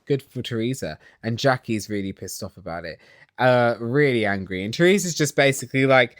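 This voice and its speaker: A man's voice: mid-range voice, big pitch swings, normal speed, a bit bright, no echo, clean studio sound. A young man with a catty, sarcastic and chatty manner, recapping a reality show. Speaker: recap vlogger. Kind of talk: casual TV recap.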